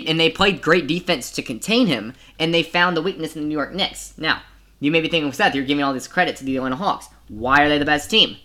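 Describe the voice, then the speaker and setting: A man's voice: fairly high pitch, sharp tone. A young man hosting a solo sports podcast, talking in a casual, rambling way with many restarts. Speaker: podcast host.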